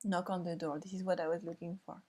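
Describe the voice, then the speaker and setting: A woman's voice: lowish voice, flat delivery, quick pace, darkish tone, breathy edge. A French woman in her thirties with a French accent, teaching a reading lesson for learners, repeating words and sounding them out with care. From France.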